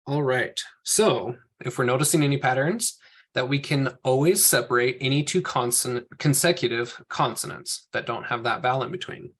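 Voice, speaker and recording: A man's voice: mid-range voice, normal speed, fairly bright tone. A man leads a class through slides in an ordinary, mid-range voice. He works through each example step by step and talks his reasoning through aloud. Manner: patient step-by-step explaining, thinking aloud. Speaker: teacher. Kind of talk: classroom teaching over slides.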